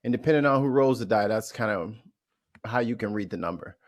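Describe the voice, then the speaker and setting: A man's voice: lowish voice, a little fast. A man from St. Louis, a podcast interview guest, telling stories bluntly and profanely, often restarting his sentences. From St. Louis, USA. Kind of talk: candid storytelling in a podcast interview.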